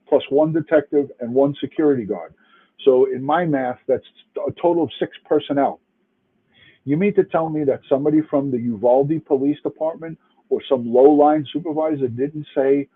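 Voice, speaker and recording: A retired New York City police detective comments to a live chat, angry and emphatic, cursing and restarting his sentences. His medium-pitched voice has a breathy edge and a moderate pace, carried over a tinny, phone-like line.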